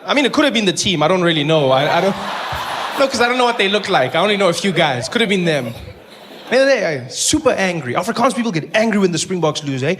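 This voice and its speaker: Animated stand-up comedian. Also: male voice, sits high, fast. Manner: animated storytelling, stammering restarts, acting out voices.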